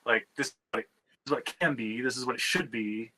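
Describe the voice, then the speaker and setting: A man with a bright, forceful voice tells a story in a fast, profane ramble, stopping and restarting his sentences. The sound is dry and close, with no room echo. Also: medium pitch. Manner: animated, profane, many restarts. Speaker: screenwriter and comic writer. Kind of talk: candid conversational storytelling.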